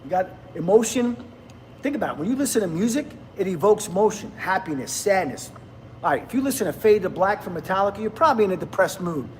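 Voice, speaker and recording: Here a high-voiced man talks fast with lively intonation, hosting a laid-back livestream where he rambles, speaks bluntly and laughs frequently. He's from New Jersey, in his fifties, and there's slight background noise.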